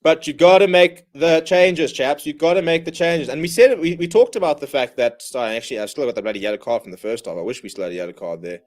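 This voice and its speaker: A man's voice: mid-range voice, very fast, few pauses, darkish tone. Exasperated man ranting over live rugby. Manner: exasperated, ranting fan commentary; calls play-by-play in bursts. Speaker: watchalong host. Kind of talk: live match watchalong commentary.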